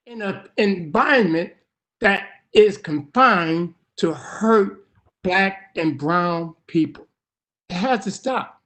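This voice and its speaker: A man's voice: high voice, expressive, slow pace, fairly bright tone. Impassioned older man giving testimony. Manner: emotional, rising to urgent pleading. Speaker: public testifier.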